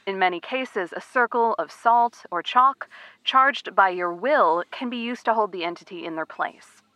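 A woman voicing a calm occult scholar, lecturing in a measured, authoritative way from a played-back video. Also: mid-range voice, dry recording, close to an everyday voice. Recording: dull lo-fi video playback, dry.

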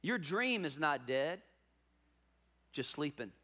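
A man's voice: a little high, big pitch swings, takes it slowly, pushed and bright. A man preaching a sermon as pastor, telling a story with emphatic repetition.

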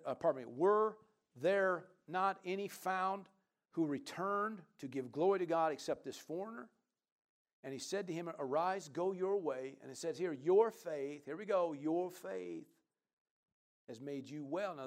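A man delivers a lively sermon as pastor, his voice sitting a little high. He reads scripture aloud and drifts into chatty asides, then swells into loud, emphatic calls for an amen. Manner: conversational asides, rising to loud emphatic bursts.

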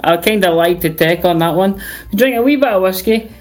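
A man's voice: sits high, a little fast, soft background music. A Scottish man chatting as a guest on a stream, tipsy and sweary, rambling through jokes. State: tipsy from drinking. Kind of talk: casual chat.

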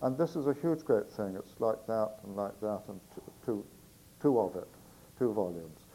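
British poet chatting between poems. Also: male voice, on the low side, expressive, moderate pace, warm tone, breathy edge, low-quality recording. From Britain. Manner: chatty, digressive, with fillers. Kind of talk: poetry reading with spoken introductions.

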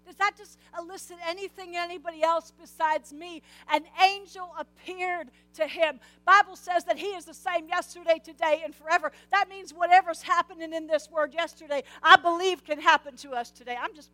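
A woman preaching a sermon, animated, with stammered restarts and rhetorical questions to the congregation. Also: very high-pitched, a little fast, few pauses, dry recording.

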